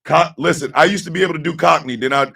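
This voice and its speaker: A man's voice: a little high, fast talker, gravelly, bright, forceful tone, breathy edge, recorded from a distance. A middle-aged man hosting a radio talk show, giving a blunt, profane personal monologue and repeating his key lines for emphasis.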